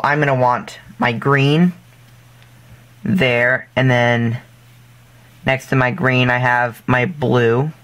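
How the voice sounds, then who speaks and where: A man's voice: medium pitch, fairly bright tone. A man hosting a casual step-by-step craft tutorial, talking loosely with lots of fillers and self-corrections, and dropping jokey, self-deprecating asides.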